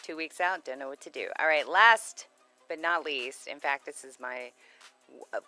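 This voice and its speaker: A woman's voice: sits low, normal speed, sharp tone, dry recording, soft background music, rough recording. A woman co-hosting a casual radio chat show, rambling, giggly and easily sidetracked. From Texas.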